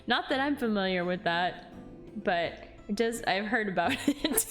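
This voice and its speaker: A young woman chatting casually while streaming a game, giggly and rambling with lots of fillers. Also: fairly high pitch.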